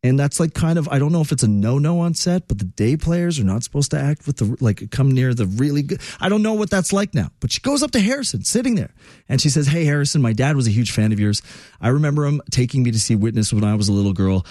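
A man hosts a talk radio show in a casual monologue. He tells stories in a chatty, emphatic way, and his voice sits at a middle pitch. The sound is dry and close. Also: quick pace, no echo. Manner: chatty storyteller, emphatic and animated.

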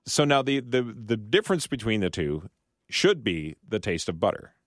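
A man's voice: lowish voice, sing-song, normal speed, dry recording. A man on a radio show, talking casually and at length about baking. He rambles and restarts as he explains. The sound is dry and close on a studio microphone. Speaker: studio guest, food commentator.

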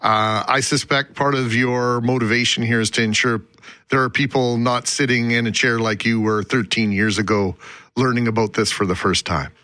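Male host, measured and gentle, crisp bright tone, dry booth sound. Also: medium pitch, steady tone, dry recording. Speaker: show host. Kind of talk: TV interview hosting.

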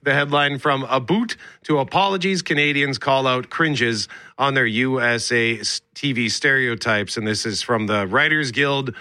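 A male radio host with a bright, forward voice talks in a relaxed way. He is recorded close and dry in the studio, calmly going through survey findings. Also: mid-range voice, normal speed, few pauses, no room sound. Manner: relaxed, reads survey results aloud. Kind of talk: casual radio chat.

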